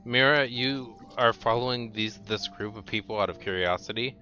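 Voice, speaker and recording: A man narrating as game master of a tabletop game, relaxed and halting, with many fillers. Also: mid-range voice. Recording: dull lo-fi mic with faint music.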